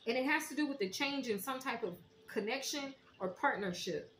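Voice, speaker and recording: A woman giving a heartfelt spiritual tarot reading, talking straight to her viewers in a preacherly way and sometimes softly singing. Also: sits high, expressive, moderate pace. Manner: emotional, preacherly, breaks into soft song. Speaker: tarot reader. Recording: echoey room with faint noise.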